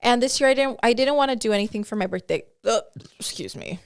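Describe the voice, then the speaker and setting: Young woman cohost, kinda high voice, swears constantly, super animated casual chat. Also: quick pace, clean tone. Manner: animated, swears a lot, laughs often. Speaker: podcast co-host.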